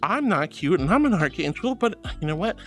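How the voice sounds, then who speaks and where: A woman streaming as a VTuber archangel persona, chatting casually with her viewers in a playful, dramatic way and turning soft and comforting when she consoles them. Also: on the low side, very animated, a little fast, soft background music. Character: archangel persona, regal and sweet. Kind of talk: casual livestream chat.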